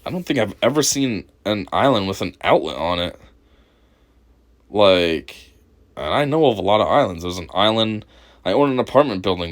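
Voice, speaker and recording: A man giving crude, mocking reaction commentary on a video and laughing often. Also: lowish voice. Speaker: commentary host.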